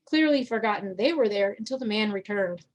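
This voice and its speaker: A woman reading her own fantasy story aloud in a steady, measured way. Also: mid-range voice, muffled recording.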